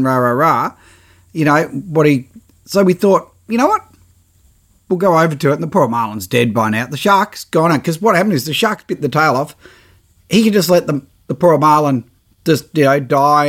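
Man telling a wild story. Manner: lively, exaggerated, acts out quotes with big pitch jumps. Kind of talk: animated anecdote.

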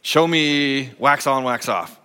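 A pastor acting out a calm, patient elderly karate master who gives slow, deliberate instructions. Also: male voice, medium pitch, clean tone. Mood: instructing. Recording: long echoing church hall.

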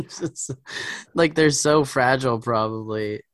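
A man's voice: mid-range voice, very animated, slow, no room sound, clean studio sound. A male comedian chatting as a podcast guest, joking and laughing often, with lots of fillers. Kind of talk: casual podcast chat.

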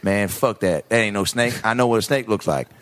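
A man voicing a rough-talking rural man who brags about doing meth, drawling, swaggering and cursing constantly. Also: lowish voice, brisk, fairly bright tone, voice pushed down, natural voice. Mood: boastful.

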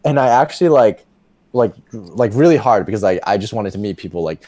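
A young man telling a rambling story as a podcast guest, full of "like" and quick laughs. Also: on the low side, expressive, darkish tone, no room sound. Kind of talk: casual storytelling chat.

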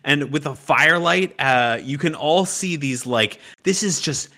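A man's voice: fairly high pitch, unhurried, bright, forceful tone. A man narrating as game master of a tabletop game, laughing often and stopping for fillers and restarts as he describes the scene.

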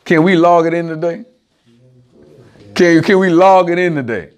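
Here a man preaches casually to a small group, lively and direct, illustrating his points with commonplace examples. The pitch is a little high and the pace moderate.

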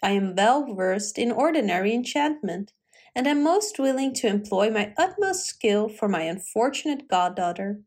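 A woman reading a fairy tale aloud and voicing a fairy godmother in a brisk, raised, reassuring voice. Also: mid-range voice, sing-song, darkish tone. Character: kindly fairy godmother, eager and confident.

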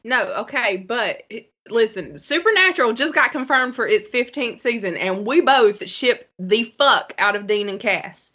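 A woman, a podcast guest chatting casually and swearing excitedly. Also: fairly high pitch, normal speed, hardly any pauses. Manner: excitable, profane. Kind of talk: casual chat. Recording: dull lo-fi sound.

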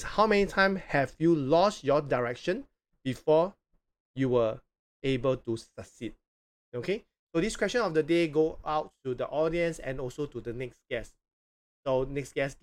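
A man hosting a live interview show, speaking deliberately with hesitant fillers and repeating phrases slowly. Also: on the high side.

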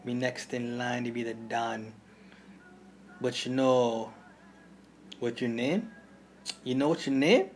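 A man's voice: medium pitch, slow, long pauses, a little hiss or hum, natural voice. A man doing a taunting Jamaican gang boss. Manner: taunting, loud. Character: menacing sneering male gang boss.

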